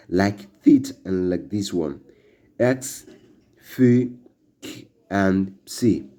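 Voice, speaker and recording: Slow, low-voiced male language teacher. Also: mellow. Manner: slow, halting delivery with fillers, drilling words for repetition. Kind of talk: classroom-style language lesson.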